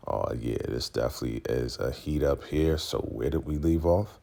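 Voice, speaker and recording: A man's voice: extremely low pitch, normal speed, vocal fry, few pauses, dark tone. A man chatting casually as he recaps a TV episode in a laid-back, slangy manner. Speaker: TV recap vlogger.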